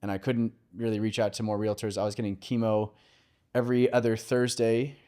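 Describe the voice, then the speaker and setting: A man who is a podcast guest and mortgage lender, telling a personal story in an open, conversational way with filler pauses. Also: fairly low pitch, flat delivery, warm tone, smooth.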